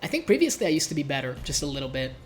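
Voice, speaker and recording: A man's voice: fairly high pitch, very animated, very fast, slight background noise. A male streamer with a nasal, congested voice, casually rambling and joking at himself while commentating a live game. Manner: casual, rambling, self-mocking. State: congested, coughing.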